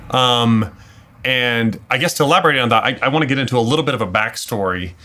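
A man's voice: mid-range voice, quick pace, pushed and bright. A man hosting a casual podcast in a room by a street, telling a rambling story with many fillers. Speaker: podcast host. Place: room next to a street window, car noise.

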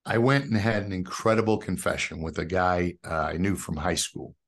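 A middle-aged man from New York, a podcast guest telling his personal faith testimony as an animated storyteller who calls the host brother. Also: low voice, moderate pace. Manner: animated storyteller who acts out quoted dialogue.

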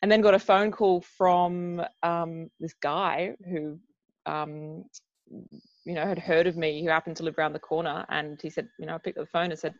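A woman in her twenties with an Australian accent chats casually as a guest athlete in an interview, often laughing and poking fun at herself. Her low-pitched voice has fairly even intonation and a moderate pace, recorded with no echo and the highs cut off.

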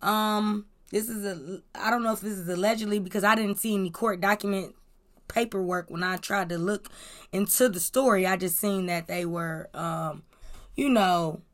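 A woman's voice: mid-range voice, normal speed, fairly bright tone. A young woman talks her way through a celebrity gossip podcast, loose and chatty, dropping plenty of fillers between thoughts. Her voice sits in an ordinary middle range for a woman. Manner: chatty, rambling, many fillers. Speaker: podcast host.

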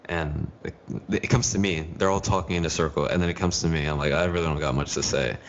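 A teenage boy hosts a casual podcast, telling stories and swearing freely. His voice sits very low. The recording sounds dull and lo-fi. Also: steady tone, quick pace, a little hiss or hum. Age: teens. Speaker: podcast host. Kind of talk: casual chat.

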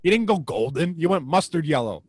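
Guy cohosting a sports pod, kinda high voice, bouncy, blunt and fed up. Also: big pitch swings, a little fast. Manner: blunt, exasperated ranting. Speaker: podcast co-host. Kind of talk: casual sports chat.

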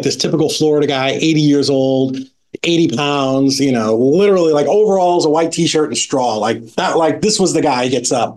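A middle-aged man recounting a personal story as a podcast guest. He talks casually and animatedly, leaning on "like" and "right?" as he goes. His voice sits at an ordinary middle pitch. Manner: lively anecdotal telling with frequent "like" and "right?".

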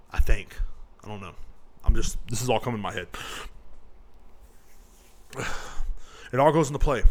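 A man hosting his own podcast alone, in a profane, rambling rant that swings between loud outbursts and low mutters. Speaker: podcast host.

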